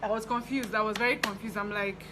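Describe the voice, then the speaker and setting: A young Nigerian woman telling a story from her fashion business in a chatty, animated way. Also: medium pitch, fast, noisy background. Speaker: fashion designer vlogger. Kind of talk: casual storytelling.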